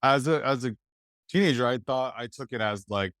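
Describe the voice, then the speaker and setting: Man, from East Los Angeles, podcast guest, smooth resonant voice, reflective, halting storytelling. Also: medium pitch, a bit bright, dry recording, studio quality. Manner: reflective, halting, many "like" fillers. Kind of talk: personal storytelling.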